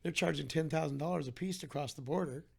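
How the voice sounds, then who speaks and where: Gravelly, fairly high-voiced man. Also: fast talker, darkish tone. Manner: earnest, heartfelt, with frequent restarts. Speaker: podcast guest. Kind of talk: candid conversational storytelling.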